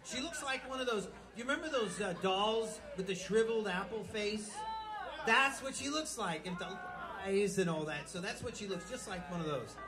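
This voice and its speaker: A man with a voice that sits high performs a rambling stand-up set at a moderate pace, telling crude jokes in a loose, storytelling style. It was recorded live in a small club, with the crowd and music audible in the background.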